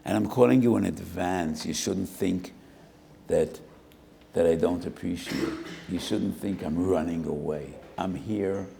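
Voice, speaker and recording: Gravelly older rabbi telling a parable. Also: male voice, deep voice, a little slow, noisy background. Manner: storytelling with Hebrew phrases, acting out both sides of a dialogue. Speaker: rabbi giving a Torah lecture. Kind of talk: sermon with a parable. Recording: roomy hall with long reverb.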